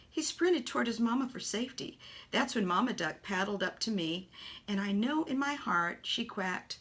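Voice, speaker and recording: Woman narrator for a kids' storybook, animated delivery with hushed asides. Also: mid-range voice, moderate pace. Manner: animated, with soft whispered asides. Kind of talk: children's story reading.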